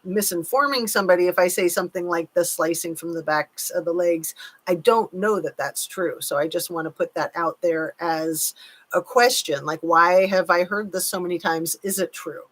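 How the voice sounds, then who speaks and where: A woman's voice: on the low side, normal speed. A woman hosting a casual live chat, reading viewer comments aloud and hedging her points with care. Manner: chatty, reads comments aloud, cautious with hedging.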